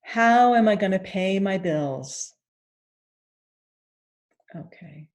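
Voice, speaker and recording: A woman guides a tapping session, speaking gently with an animated delivery. She repeats first-person phrases and pauses for sighs and deep breaths.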